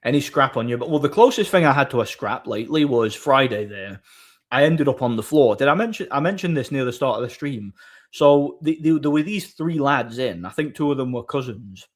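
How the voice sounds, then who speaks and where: A man's voice: mid-range voice, lively intonation, fairly quick. A man hosting a live stream, chatting casually and telling a story with many restarts and crude, blunt banter. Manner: rambling storyteller, frequent restarts.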